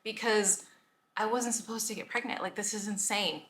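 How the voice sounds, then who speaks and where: Her pitch sits in the middle, her tone is steady and a little bright, and she speaks at a moderate pace. She's a health coach and vlogger in her thirties, chatting in a pregnancy vlog, emotional, somewhat out of breath, and full of "like"s, recorded in an echoey room with faint noise.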